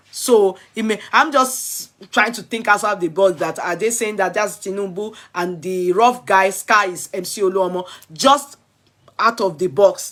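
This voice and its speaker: A woman's voice: medium pitch, a bit bright. A woman with a Yoruba-inflected Nigerian accent, chatting casually on a live stream and answering viewers' comments bluntly. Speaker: vlogger reviewing films.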